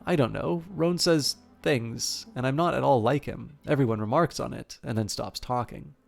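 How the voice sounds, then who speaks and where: A man's voice: mid-range voice, normal speed, creaky, soft background music. A man voicing an anxious young boy who blurts things out nervously.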